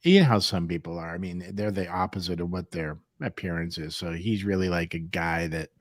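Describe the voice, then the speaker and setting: A man's voice: low voice, brisk, no echo. Teasing, rambling male show host. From San Diego, USA. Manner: rambling, teasing, laughs often. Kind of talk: casual live-stream chat.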